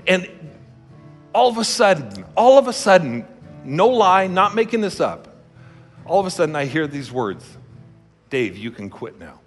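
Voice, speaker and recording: Male pastor, conversational sermon, slightly high voice, long hall reverb, faint music underneath. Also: very animated, normal speed, long pauses. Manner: storytelling, emphatic and conversational.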